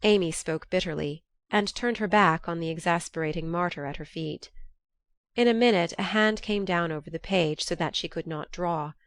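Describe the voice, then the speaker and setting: Low-voiced woman narrating a classic story. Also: moderate pace, dry recording. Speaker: audiobook narrator. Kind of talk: scripted narration.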